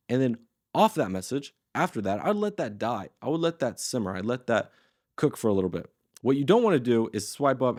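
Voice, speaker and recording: A man's voice: mid-range voice, expressive, normal speed, a little mellow, no room sound, studio quality. A man in his twenties teaching a casual tutorial, talking in a loose, slangy and blunt way. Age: 20s. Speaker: course host.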